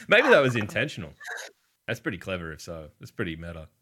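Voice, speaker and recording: A man's voice: sits low, wildly swooping pitch, fairly quick, pushed and bright. An Australian man hosting a gaming chat stream, laid-back and swearing freely, laughing often. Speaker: stream host.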